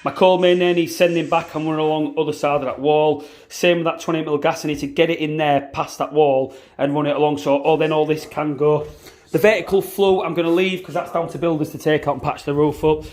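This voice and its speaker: A man with a slightly higher voice talks casually while walking a building site with his phone camera. He runs through the plumbing work and teases his crew between explanations, laughing easily. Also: flat delivery, a little fast, darkish tone. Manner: joking, teasing, laughs often. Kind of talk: casual site vlog with banter.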